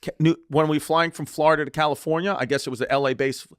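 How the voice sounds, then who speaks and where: Man, podcast co-host, rambling storyteller, slightly high voice, dry close mic. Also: fairly even intonation, quick pace, no room sound. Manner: rambling, swearing, restarts, laughing retellings. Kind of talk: casual comedic storytelling.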